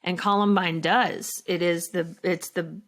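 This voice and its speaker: A middle-aged actress talking slowly and reflectively as a podcast guest, with halting restarts. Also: female voice, lowish voice, steady tone, a bit bright. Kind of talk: emotional interview conversation.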